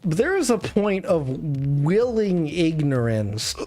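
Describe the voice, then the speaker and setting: A drunk streamer hosts a casual late-night chat in a slow, drawn-out, middling-pitched voice. They ramble, swear and trail off, hiccuping now and then, with faint music under the talk. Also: big pitch swings, mellow. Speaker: streamer host.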